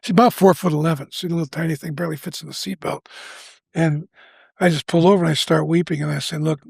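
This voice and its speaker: A man's voice: a little high, steady tone, quick pace, gravelly, darkish tone, husky, dry recording. A man in his seventies, a podcast guest, telling a personal story candidly and earnestly. He restarts his sentences often and acts out the lines he quotes. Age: 70s.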